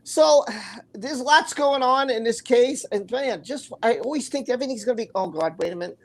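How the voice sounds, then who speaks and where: A woman's voice: on the high side, animated, normal speed. Chatty New York woman hosting a livestream. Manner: chatty, reads viewer comments aloud, laughs easily. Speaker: host. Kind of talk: casual livestream chat.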